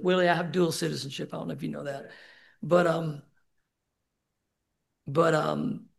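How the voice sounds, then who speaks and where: In a meeting room, a middle-aged man with a fairly high pitch and vocal fry gives a candid, emotional personal share at a recovery meeting. He swears casually as he talks to the support group.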